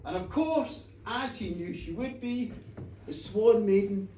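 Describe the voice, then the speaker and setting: A woman's voice: medium pitch, lively intonation, unhurried, a little hiss or hum. Woman telling a tale in a bar. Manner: dramatic, swings from hushed to shouting. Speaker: storyteller. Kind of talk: live folk tale telling. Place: bar, live performance before an audience. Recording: roomy, distant live bar recording.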